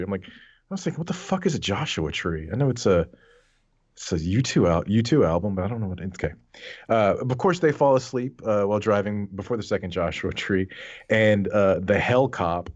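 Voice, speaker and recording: A man's voice: lowish voice, darkish tone, lo-fi sound. A man co-hosting a podcast in casual chat, recapping a movie with wry, sarcastic asides. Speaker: podcast co-host.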